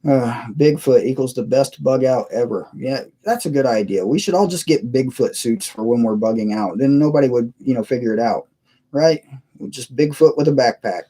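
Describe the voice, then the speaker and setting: A man chatting casually on a live stream from his computer, his voice warm and mellow at a middling pitch. He wanders from story to story, chuckling and reading out viewers' messages. The sound comes through a cheap webcam mic. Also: moderate pace. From United States. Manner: rambling, chuckling, reads chat aloud.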